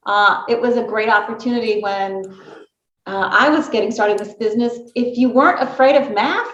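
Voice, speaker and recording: Woman panelist, mid-pitched voice, relaxed talk, roomy echo, muffled lo-fi sound. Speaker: panelist, journalism dean. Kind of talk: panel discussion.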